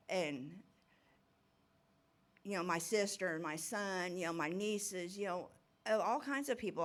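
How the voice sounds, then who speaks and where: Middle-aged woman, recovery ministry speaker, nervous, rambling, slightly low pitch. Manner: nervous, rambling, laughs often. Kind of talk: informal testimony talk.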